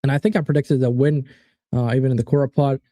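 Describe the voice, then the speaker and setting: Casual male stream host, animated and profane, warm dark tone, dry booth sound. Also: medium pitch, fast, no room sound. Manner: animated, swearing, reads out chat predictions. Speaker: watchalong host. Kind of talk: casual live-stream football chat.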